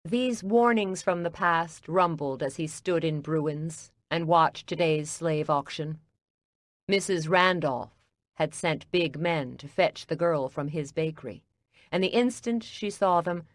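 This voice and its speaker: A woman reads an audiobook in a lowish, measured voice. Her delivery is steady and even, recorded close on a dry studio mic with no room sound. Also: no echo. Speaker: audiobook narrator. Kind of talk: scripted audiobook narration.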